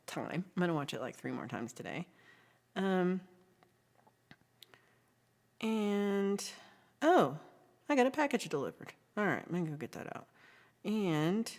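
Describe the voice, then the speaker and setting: Low-voiced chatty woman livestreamer. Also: a little mellow. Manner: chatty, reads viewer messages aloud, frequent ums. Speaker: livestream host. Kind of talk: casual livestream chat.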